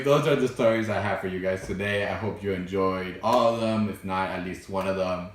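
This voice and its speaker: A young man vlogging, telling childhood stories in a loose, animated way, full of fillers and laughs. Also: sits low, brisk, hardly any pauses, heavy reverb, distant mic. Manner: animated, laughs often, fillers like "you know" and "right". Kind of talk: casual storytelling to camera.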